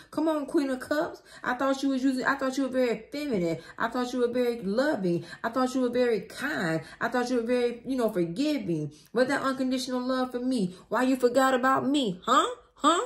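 A woman giving a tarot reading who acts out the other person's side in a dramatic, slangy, animated way, with shrieks of excitement. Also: sits high, fairly quick, hardly any pauses. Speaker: tarot reader. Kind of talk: tarot reading acting out the querent's partner.

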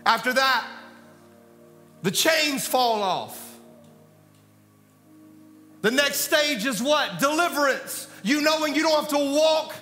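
A pastor preaches with animated swings between loud calls and quiet asides. His voice is high and bright. It rings through a reverberant hall, with faint music underneath. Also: slow, pauses often. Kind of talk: sermon.

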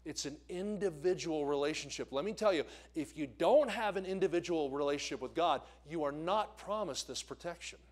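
Preaching in a church sanctuary, a visiting evangelist from the American Northeast tells stories and quizzes the congregation. His voice is a little high and a little mellow, brisk with few pauses.

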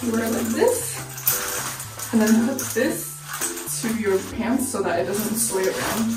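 A woman's voice: a little high, unhurried, reverberant, distant mic. A woman in her twenties talking casually to camera in a candid, chatty and slightly anxious way. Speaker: vlogger. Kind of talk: casual vlog talk to camera. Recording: music playing underneath.

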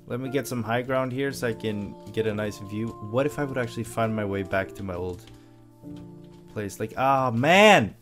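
A man doing excitable let's play commentary, yelping when startled. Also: medium pitch, moderate pace, faint music behind. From Sweden. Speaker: gameplay commentator.

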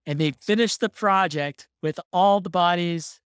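A podcast host recounting a story in relaxed, easy chat and laughing along the way. The voice sits at a middling pitch and is recorded close and dry, with no room sound. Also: measured pace, clear, resonant tone, no room sound. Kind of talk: casual chat.

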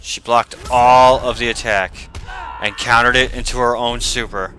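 A man giving casual gameplay commentary, excitable, swearing and shouting at the game as he plays. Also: mid-range voice, unhurried, slight background noise. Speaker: video game player. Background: game music.

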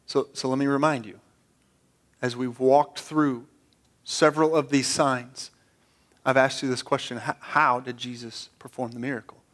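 A man with a fairly bright, medium-pitched voice and fairly even intonation preaches a sermon as a pastor at a moderate pace. He sounds earnest and conversational, often repeating words as he restarts.

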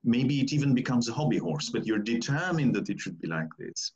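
A man hosting a conversation, speaking in a measured, deliberate way. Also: mid-range voice, very animated, a little mellow, slightly rough, dull audio. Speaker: host.

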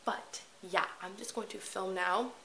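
A teenage girl vlogging casually at home, excitable and gushing, with lots of fillers, recorded on a camera mic. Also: medium pitch, unhurried, vocal fry, a little hiss or hum, low-quality recording. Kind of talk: casual vlog chat. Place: at home indoors.

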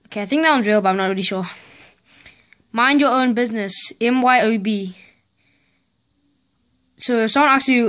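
A woman's voice: a little high, normal speed, pauses often, fairly bright tone. A woman vlogger ranting in a casual, sarcastic, exasperated way, spelling out letters in disbelief. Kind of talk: casual vlog rant.

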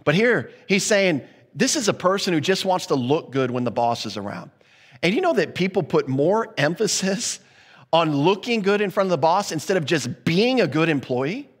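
A man's voice: fairly high pitch, big pitch swings, normal speed, slightly rough, long reverb tail. A man preaching a sermon as pastor, earnest and conversational, often restarting his sentences mid-thought.

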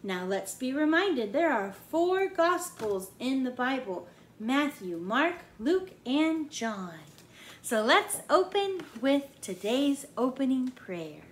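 A woman leading a children's church lesson, reading a storybook in a slow, patient teacher's manner. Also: sits high, very animated, slight background noise. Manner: slow, patient, sing-song teacher delivery.

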